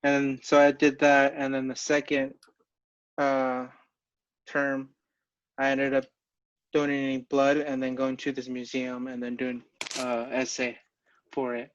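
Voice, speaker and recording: A man's voice: mid-range voice, completely flat delivery, a little slow, long pauses. Young man telling stories, slightly muffled sound. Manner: rambling storyteller, swears casually, slangy. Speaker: podcast co-host. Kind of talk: casual chat.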